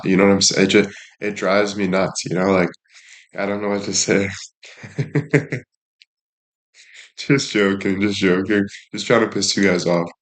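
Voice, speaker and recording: Young man, fairly low voice, casual live-stream chatter, crude teasing jokes, swears a lot. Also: fairly even intonation, moderate pace. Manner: crude joking, swears freely. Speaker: livestreamer.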